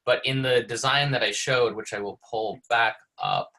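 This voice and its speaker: Bright-voiced man explaining a system design. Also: mid-range voice, normal speed, vocal fry, rough recording. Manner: thinks aloud with many fillers and restarts. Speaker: presenter. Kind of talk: technical explanation on a community video call. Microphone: video call.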